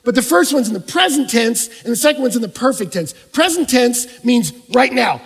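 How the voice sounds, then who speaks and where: A man preaching a sermon as pastor, swinging from hushed, quiet stretches up to shouting. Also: very high-pitched, lively intonation, normal speed, few pauses, breathy edge. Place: large church auditorium. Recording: long reverb of a large hall.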